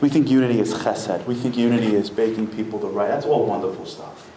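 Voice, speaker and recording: A man giving a live lecture that tells a story, building to high, emphatic peaks. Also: quick pace, dark tone, slight background noise. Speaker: motivational speaker. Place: synagogue lecture hall. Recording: echoey hall with faint room ambience.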